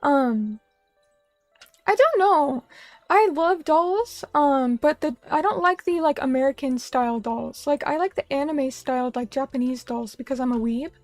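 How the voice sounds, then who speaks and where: A woman's voice: sits high, animated, a little slow, a little mellow, no echo, faint music behind. A young woman streaming, chatting casually with viewers and reading their comments in a rambling, self-deprecating way. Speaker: vtuber streamer. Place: small room at a little table.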